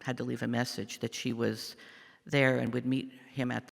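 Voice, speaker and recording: An older man giving a church meditation, telling a family story in a halting, reflective way with many pauses and fillers. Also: medium pitch, level tone, creaky. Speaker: lay speaker giving a meditation. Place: church sanctuary. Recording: long church reverb.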